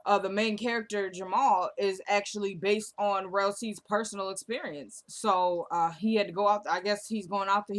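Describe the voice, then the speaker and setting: A young woman hosting a casual vlog recap of a TV episode, chatty and slangy, acting out the characters' lines in quick quotes. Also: medium pitch. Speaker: show recap host.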